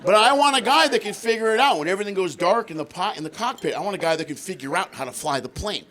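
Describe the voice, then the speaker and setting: A man doing a high-energy stand-up comedy set on stage, acting out voices and shouting punchlines. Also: lively intonation, quick pace. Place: comedy stage before a laughing audience.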